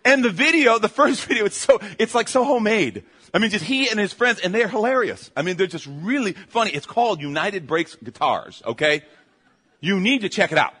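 Guy preaching casual-like, bright punchy voice, animated storyteller, keeps stopping and restarting, keeps asking "okay?". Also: sits high, brisk, breathy edge. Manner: animated storytelling, often checking in with the listeners; self-interrupting, restarts phrases. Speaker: pastor. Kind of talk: conversational sermon.

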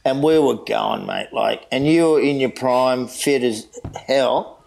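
A middle-aged Australian man with a gravelly, fry-laden voice recounts an old beach rescue to a mate. He talks loosely, with plenty of laughs, "mate" and the odd curse. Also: medium pitch, a little slow, a little mellow, low-quality recording. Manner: laughing, swearing, mate-heavy yarn-telling. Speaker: guest lifeguard. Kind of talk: casual storytelling chat.

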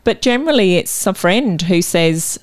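A woman's voice: mid-range voice, lively intonation, moderate pace, no echo, clean studio sound. A woman, a naturopath guest explaining her work in friendly casual chat. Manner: friendly, explanatory, laughs easily.

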